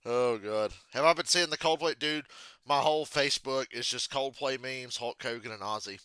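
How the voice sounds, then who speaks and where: A man hosts a loose, casual live reaction stream, telling stories in a profane, laughing way. His voice is very bright and sharp, sitting at an ordinary middle pitch. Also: moderate pace, clear, resonant tone, no echo. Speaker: channel host.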